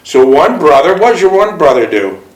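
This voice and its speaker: A man's voice: fairly high pitch, big pitch swings, fairly quick, roomy sound, low-quality recording. A male host interviewing a veteran, asking leading questions and summing up in emphatic statements. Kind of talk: interview and book reading.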